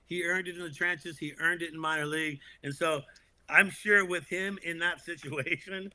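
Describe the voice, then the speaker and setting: A man with a very bright, forceful voice, pitched a little high for a man. He co-hosts a casual sports talk show, speaking in an animated way, laughing often and restarting sentences. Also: normal speed. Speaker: podcast co-host.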